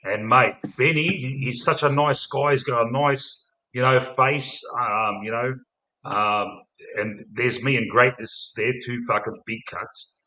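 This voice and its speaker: A rowdy Australian podcast host in casual chat. His mid-range voice is bright and forceful, and he swears freely and ends almost every line with "mate". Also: mid-range voice, steady tone, measured pace, rough recording.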